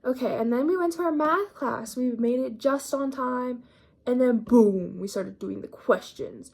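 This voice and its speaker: A woman's voice: fairly high pitch, unhurried, vocal fry, darkish tone. An eighteen-year-old woman talking through her day in a casual, slangy, rambling vlog, a little sick with a cough. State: mildly sick, coughing up phlegm. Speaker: vlogger.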